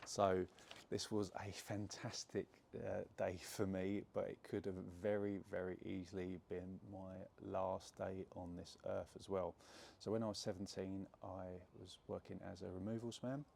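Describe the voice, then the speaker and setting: Deep gravelly man telling a story. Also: measured pace, slight background noise. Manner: chatty, animated retelling with many fillers. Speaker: property investor telling a story. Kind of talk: storytelling to camera.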